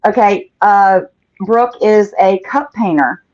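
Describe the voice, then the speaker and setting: At a slow pace, a woman with a medium-pitched, somewhat dark voice talks casually through her live painting session, reading out what viewers write. The livestream recording is dull and lo-fi.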